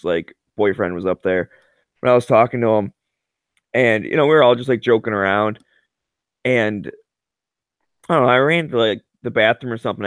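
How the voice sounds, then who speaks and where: A man's voice: medium pitch, no room sound. A man telling a rambling story in casual chat, full of "like" and fillers.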